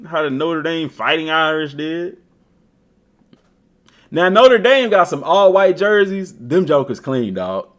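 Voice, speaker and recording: With a fairly high-pitched voice, this gaming streamer speaks slowly while chatting casually as he browses a game. He's animated and slangy, and he trash-talks.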